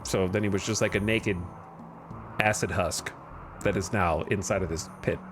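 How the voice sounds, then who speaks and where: A man's voice: low-pitched, steady tone, normal speed, music in the background, pitched below the performer's own voice, lightly acted. A man voicing an impassioned, grandiose gang-boss-style figure with a put-on Birmingham accent, delivering a scolding eulogy.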